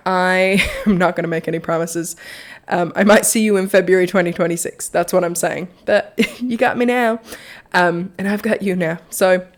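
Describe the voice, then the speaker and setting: A woman's voice: fairly low pitch, moderate pace. A young woman hosting a solo faith podcast, talking in a rambling, chatty way and laughing at herself. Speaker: podcast host. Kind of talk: casual solo podcast reflection.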